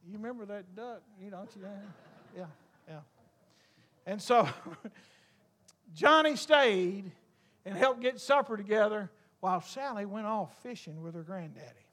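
A man preaching a sermon, telling a story with humor and rising to fervent, shouted appeals. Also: extremely high pitch, lively intonation, unhurried, pauses often.

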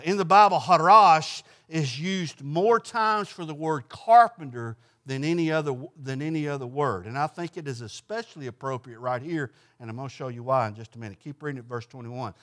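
A man's voice: medium pitch, expressive, brisk. A man leading an informal Bible study class in a folksy way, putting questions to the group and answering them himself.

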